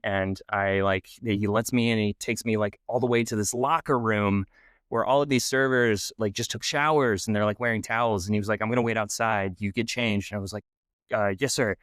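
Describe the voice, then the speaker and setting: A man's voice: lowish voice, fairly even intonation, brisk, fairly bright tone, clear, resonant tone, dry recording, clean studio sound. A young man telling a self-deprecating story in a casual interview, rambling with many restarts. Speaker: guest filmmaker.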